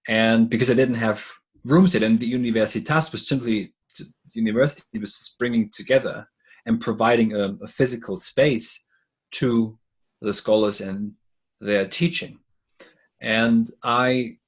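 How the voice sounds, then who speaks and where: A man with a low, husky voice joins a podcast as a guest over a remote call for a casual conversation. He explains ideas thoughtfully, now and then stumbling and restarting his words as he builds a point.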